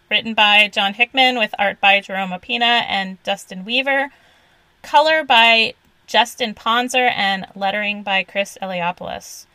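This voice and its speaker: Bright-voiced chatty woman podcaster. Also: on the high side, no room sound, rough recording. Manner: chatty, many "like" fillers, laughs easily. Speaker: podcast co-host. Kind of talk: casual comics podcast chat.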